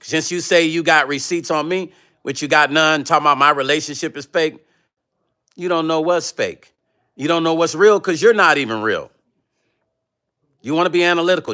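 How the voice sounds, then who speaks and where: A man's voice: a little high, lively intonation, moderate pace, pushed and bright. A man hosting his own livestream, ranting confrontationally and profanely at a rival, reading chat comments aloud. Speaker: vlog host reading live chat. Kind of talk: heated livestream rant.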